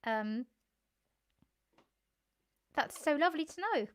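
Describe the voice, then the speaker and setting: Giggly high-voiced woman chatting. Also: lively intonation, slow pace. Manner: chatty, giggly, thanks viewers by name. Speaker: musician hosting a live stream. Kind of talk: casual chat with viewers.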